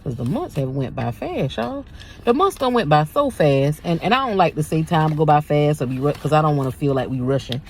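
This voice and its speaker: Woman, 30s, low-ish voice, animated faith talk straight to camera viewers. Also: normal speed, a little hiss or hum. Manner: animated, repeats herself, addresses viewers as y'all. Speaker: faith video host. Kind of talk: casual spiritual talk to viewers.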